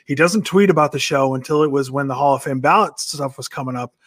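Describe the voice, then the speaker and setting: A man's voice: mid-range voice, fast, a bit bright, dry recording, clean studio sound. A man co-hosting a podcast, teasing and needling the others in casual banter. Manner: teasing, laughing, egging others on. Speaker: podcast co-host.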